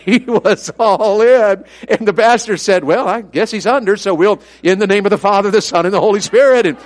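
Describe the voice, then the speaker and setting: A middle-aged man, an evangelist preaching a sermon full of folksy, self-deprecating family stories. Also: sits high.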